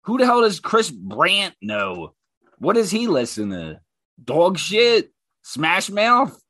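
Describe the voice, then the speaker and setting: A man rants as a podcast host, his talk heated, profane and mocking. His pitch sits a little high and swings all over the place, and his tone is bright. The sound is dry and close. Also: huge pitch swings, takes it slowly, no room sound. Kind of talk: casual ranting commentary.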